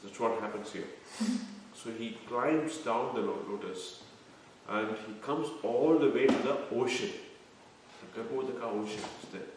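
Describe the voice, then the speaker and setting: A man's voice: mid-range voice, a little slow, noisy background. A man giving a devotional scripture lecture, explaining terms one by one and quizzing his listeners. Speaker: scripture class teacher. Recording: echoey room, mic far off.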